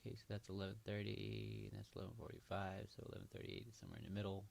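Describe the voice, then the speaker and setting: A man's voice: lowish voice, level tone, racing, gravelly, darkish tone, a little hiss or hum. A man hosting a casual livestream, thinking aloud with hesitant, trailing remarks as he marks up a chart. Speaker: livestream host.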